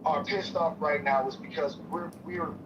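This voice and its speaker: A fired-up man argues politics in a heated debate, cursing and restarting his sentences as he pushes his point. His voice sits a bit high. He sounds far from the mic on a dull, lo-fi feed with a faint hiss. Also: steady tone, moderate pace. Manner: profane, repetitive, forceful restarts. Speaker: debate participant. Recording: distant lo-fi stream audio with faint noise.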